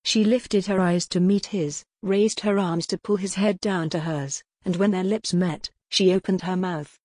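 A woman reading a gothic novel aloud as the audiobook narrator, in a measured, dramatic storytelling manner. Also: on the low side, fairly even intonation, darkish tone, no room sound, studio quality. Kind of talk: scripted narration.

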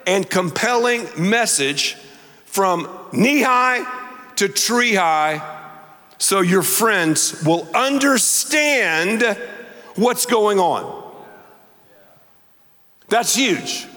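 Middle-aged pastor, emphatic sermon delivery, slow pace, long reverb of a large church. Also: male voice, high voice, expressive, sharp tone. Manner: emphatic, repeats words for effect.

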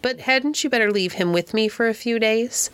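A woman's voice: fairly high pitch, normal speed, a bit bright, no echo, close to an everyday voice. A woman reading an eager young boy.

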